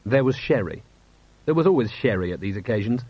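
A man reading a novel aloud in expressive, wry narration. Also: on the low side, a little fast, slightly rough, dry recording. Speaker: audiobook narrator. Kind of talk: scripted narration. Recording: dull, slightly lo-fi, dry.

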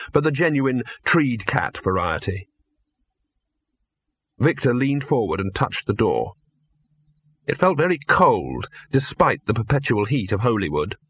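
A man narrating a comic fantasy audiobook in a measured, dry storytelling manner. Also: mid-range voice, a bit bright, breathy edge.

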